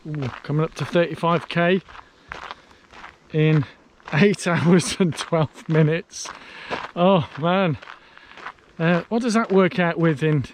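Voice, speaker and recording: Man, walking vlog, slightly high voice, chatty, self-mocking, tired, outdoors, faint background noise. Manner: chatty, self-mocking, thinks aloud with fillers. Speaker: vlogger on a long charity walk. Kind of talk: casual walking vlog, talking to camera. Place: outdoors on a canal towpath in hot sun.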